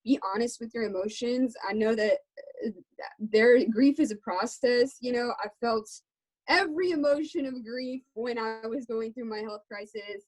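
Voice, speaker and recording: A young adult woman talks candidly in an interview, her voice slightly higher than most. She speaks earnestly and from the heart, with a plain, conversational delivery. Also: moderate pace, darkish tone, low-quality recording. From Texas. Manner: earnest, heartfelt, faith-centered. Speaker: guest musician.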